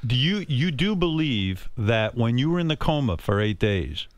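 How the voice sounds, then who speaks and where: A man's voice: medium pitch, big pitch swings, normal speed, dry recording. A man hosting a radio talk show, asking probing questions and often repeating himself as he searches for words. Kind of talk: interview questions.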